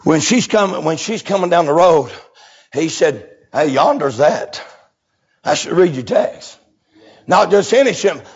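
A man preaching a revival sermon, swinging from low murmurs to hoarse, sing-song shouting. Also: lively intonation, normal speed, pauses often, lo-fi sound.

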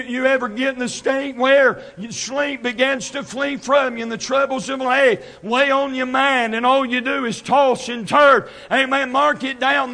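A man preaching an impassioned sermon, swinging from shouted scripture to quiet asides. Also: very high voice, creaky. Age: 30s.

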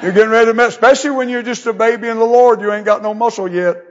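High-voiced preacher, folksy. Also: male voice, steady tone, racing, lo-fi sound. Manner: folksy preaching with scripture read in old English. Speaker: pastor. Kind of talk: sermon.

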